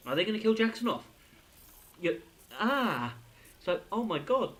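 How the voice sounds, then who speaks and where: A young man reviews a TV episode for his channel in a casual, unscripted way. His voice sits a little high for a man, and he piles on fillers and restarts as his enthusiasm builds. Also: fairly quick, rough recording. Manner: excitable, rambling, lots of fillers and restarts.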